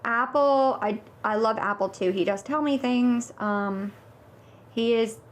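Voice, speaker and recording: A woman's voice: a little high, slow pace. A woman talking casually through her game strategy in a confessional, with many fillers. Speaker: reality game contestant.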